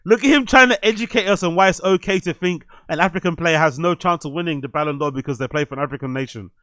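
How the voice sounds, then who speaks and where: A young man hosts a live stream, firing off blunt and profane reactions to clips. His voice is bright and forceful, sitting a touch high. The sound is dry and close. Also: quick pace, no room sound. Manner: blunt, profane, animated ranting.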